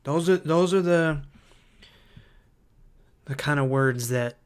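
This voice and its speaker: A man hosting a livestream who reads viewer comments aloud and thinks out loud, hesitant and full of fillers, easily excited by ideas. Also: on the high side, takes it slowly, clean tone. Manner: enthusiastic about ideas. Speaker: livestream host.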